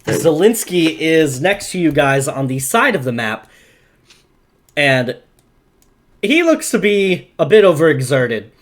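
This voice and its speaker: A man runs a tabletop game, narrating scenes in a slow, dramatic way. His voice sits a little high. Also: sing-song. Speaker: game master.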